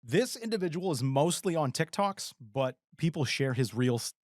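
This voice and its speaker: A man's voice: on the high side, very animated, normal speed, no echo. Man, forties, podcast co-host, casual chat, earnest, dry close mic. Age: 40s. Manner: earnest, easily moved, acts out quoted voices.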